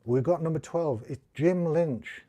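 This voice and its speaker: Speaking with a warm, slightly high voice and a somewhat slow delivery, a northeast England man with a Teesside accent runs a relaxed guitar lesson on a live stream. He chats, thinks out loud and pokes fun at himself.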